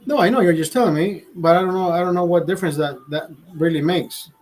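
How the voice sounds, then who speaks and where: Male streamer, voice a bit high, loose profane rambling, stammers and restarts, casual chat to viewers. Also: fast, a little mellow, rough recording. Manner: laughs at own jokes. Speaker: livestream host.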